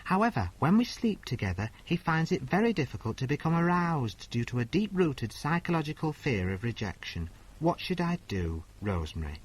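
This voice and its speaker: A husky, foul-mouthed agony aunt, played by a man with a lively, swooping delivery. She answers letters with blunt, bawdy punchlines in a comedy sketch. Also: a little high, moderate pace, few pauses, low-quality recording. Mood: brassy. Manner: blunt, bawdy, mock-sincere. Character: brassy crude woman agony aunt.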